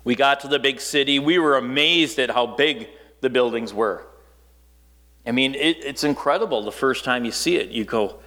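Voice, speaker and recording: A man from northern Wisconsin preaching a sermon in a conversational, storytelling way, dropping low and quiet for emphasis. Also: normal speed, big-room sound.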